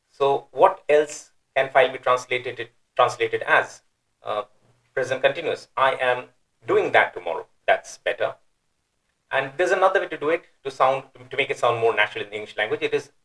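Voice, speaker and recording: A man teaching a verse-by-verse Quran translation lesson, explaining the Arabic word by word with pauses and restarts, and reciting the verse quickly. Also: mid-range voice, a bit bright, rough recording. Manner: explains step by step, pausing with fillers and restarts.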